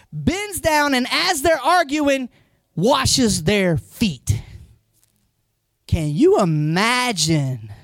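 A male pastor preaching a sermon in a chatty, storytelling way, often turning to the congregation with questions. His pitch rises and falls in lively swings. The sound is dry and close, with no room echo. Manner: conversational, questions the congregation directly; animated storytelling.

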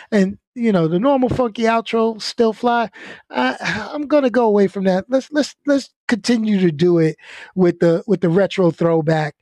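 Blunt, laid-back man with a high voice. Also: a little mellow, no room sound. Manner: laid-back, blunt, repeats himself, laughs often. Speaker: channel host. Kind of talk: casual venting talk.

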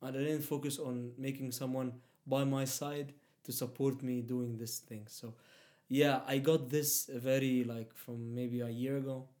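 A man's voice: medium pitch, level tone, a little slow, few pauses, dark tone. A young man with a Middle Eastern accent, whose first language is Arabic, talking casually with many fillers and restarts. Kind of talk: casual conversation.

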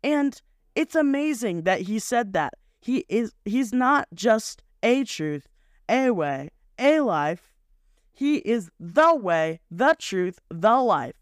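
A man's voice: high voice, sing-song, slow pace, clear, resonant tone, no echo, studio quality. A young man hosting a faith podcast, talking in a rambling, earnest way and often correcting himself. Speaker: podcast host. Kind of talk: casual devotional podcast talk.

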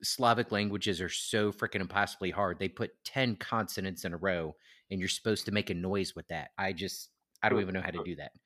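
A man co-hosting a podcast, casually telling animated stories and swearing freely. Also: deep voice, a little fast, dry recording, clean studio sound. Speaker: podcast co-host. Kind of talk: casual chat.

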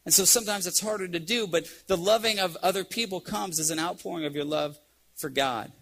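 A man's voice: high-pitched, a little fast, a bit bright. A man giving a storytelling sermon to a youth group, often restarting his sentences. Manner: storytelling, acts out quoted voices, restarts. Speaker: youth speaker.

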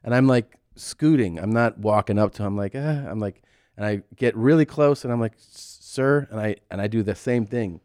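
A man's voice: on the low side, a little fast, no echo, clean studio sound. A man co-hosting a podcast, telling a casual comedic story and acting out the voices of the people in it. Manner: animated, acts out voices in stories. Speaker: podcast co-host.

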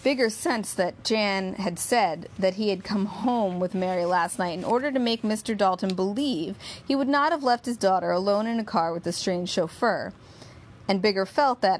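A woman narrating a novel in a steady, measured storytelling voice. Her pitch sits in the middle range. A faint noise hums beneath the reading.

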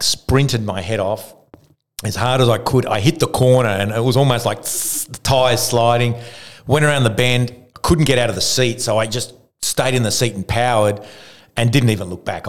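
A man from Argentina, a retired cyclist and podcast guest, telling a story with lots of restarts and acted-out quotes. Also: lowish voice. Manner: animated storyteller who acts out quotes, frequent restarts. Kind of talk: casual storytelling.

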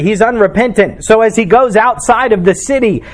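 A man's voice: high-pitched, moderate pace. A man preaching a sermon as pastor, reading scripture and explaining it with emphatic delivery.

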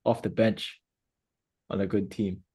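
A man's voice: on the low side, fairly even intonation, unhurried, dark tone, breathy edge. A man co-hosting a podcast in a laid-back, easygoing casual chat. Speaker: podcast co-host.

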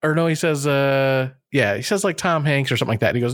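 A man co-hosting a podcast in casual chat, an animated storyteller who acts out quotes in higher voices. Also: fast talker, no room sound, studio quality. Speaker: podcast co-host.

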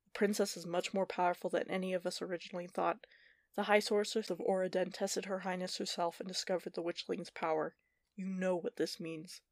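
A woman narrator voicing a grave, loyal male knight, speaking low and solemnly. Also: level tone, a little fast, no room sound, natural voice.

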